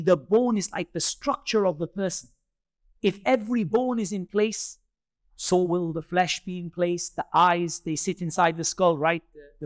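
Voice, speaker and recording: A man's voice: sits high, no room sound, clean studio sound. A man giving a Quran commentary lesson, explaining step by step, repeating key points and mixing Arabic terms into English. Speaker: Islamic teacher. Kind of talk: tafsir lesson.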